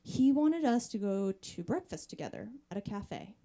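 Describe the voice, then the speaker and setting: A woman's voice: mid-range voice, sing-song, normal speed, mellow. A woman in her thirties doing a chatty, wry stand-up set on a comedy club stage. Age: 30s. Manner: conversational, wry, chatty with the audience.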